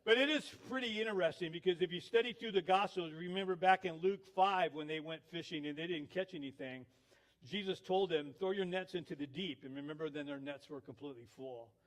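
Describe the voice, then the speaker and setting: A man's voice: a little high, a little fast. A male pastor giving a sermon, telling stories with acted quotes. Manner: storytelling with laughs, acted quotes.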